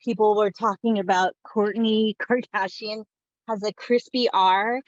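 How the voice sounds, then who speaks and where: A woman's voice: steady tone, a little slow, no echo. A woman taking part in a workshop, explaining a question hesitantly with fillers. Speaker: workshop participant. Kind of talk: casual question. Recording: dull low-fidelity line.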